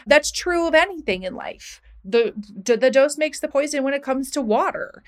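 A woman who works as a teacher, telling animated anecdotes as a guest in a casual conversation. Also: sits high, normal speed, few pauses. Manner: animated, rising indignation in anecdotes.

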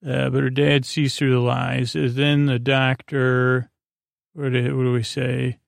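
Man, podcast host, bedtime episode recap, meandering and hesitant, flat even delivery, gravelly. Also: medium pitch, unhurried, no room sound, studio quality. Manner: meandering, hesitant, full of "uh" fillers.

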